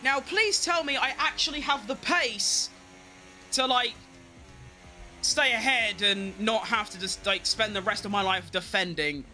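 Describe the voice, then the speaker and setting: A young man giving excitable live commentary on his own racing game, talking to himself and chanting while he drives. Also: high voice, measured pace, soft background music. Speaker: gaming streamer.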